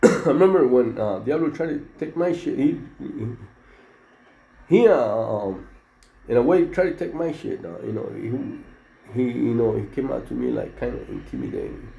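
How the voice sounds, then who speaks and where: A man's voice: mid-range voice, sing-song, a little slow, vocal fry, pauses often, warm tone. A middle-aged man, a former prison inmate telling a rambling story full of slang and fillers. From Mexico. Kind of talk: casual storytelling. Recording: roomy echo with faint background noise.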